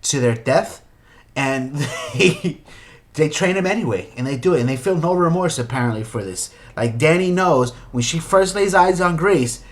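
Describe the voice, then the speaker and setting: A man's voice: a little high, animated, moderate pace. A young man ranting about a movie in an exasperated, opinionated way, firing off rhetorical questions. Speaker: movie commentator.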